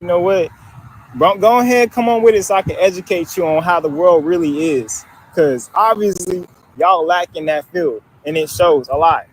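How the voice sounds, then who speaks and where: A man's voice: sits high, moderate pace, slight background noise. A man from Africa ranting casually in a clip, blunt and profane, laughing through his points. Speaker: social media video maker. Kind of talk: casual video rant.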